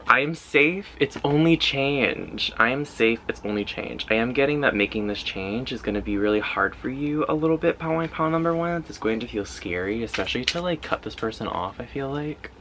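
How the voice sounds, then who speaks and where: A man's voice: mid-range voice, expressive, a little fast, hardly any pauses, fairly bright tone, a little hiss or hum, low-quality recording. A man giving a casual pick-a-card tarot reading, loose and intuitive, often filling his talk with "like". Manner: loose and intuitive, heavy use of "like" fillers. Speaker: tarot reader.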